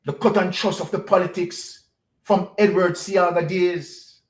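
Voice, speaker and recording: Jamaican man, political commentator, high voice, echoey room, emphatic and repetitive. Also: fairly even intonation, measured pace. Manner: emphatic, rhetorical questions and repetition. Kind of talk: opinionated political monologue.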